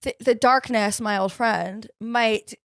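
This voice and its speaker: A woman's voice: a little high, fairly even intonation, slow pace, smooth, no room sound, clean studio sound. A young woman co-hosting a podcast in casual chat, playful and joking, laughing often. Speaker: podcast co-host.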